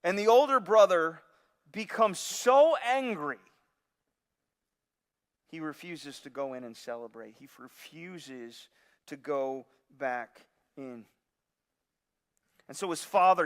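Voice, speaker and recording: A man preaching a sermon, telling a parable in an animated way with frequent restarts. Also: high voice, slow, pauses often, smooth. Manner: animated storytelling with repeated restarts. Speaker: pastor. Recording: long hall reverb.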